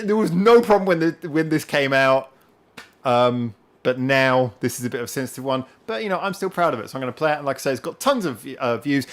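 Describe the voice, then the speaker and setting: A man hosting a live chat as a musician, talking casually in a rambling, defensive way with many fillers. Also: mid-range voice.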